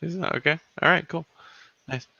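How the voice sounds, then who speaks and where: A man's voice: on the high side, moderate pace, gravelly, pushed and bright, no room sound, highs cut off. A man who is a guest in a casual podcast chat, dry and teasing.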